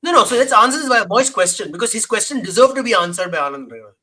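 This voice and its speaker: High, bright-voiced man ranting. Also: expressive. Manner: emphatic, fast, explains point by point. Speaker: co-host reacting to a debate clip. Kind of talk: heated live-stream commentary.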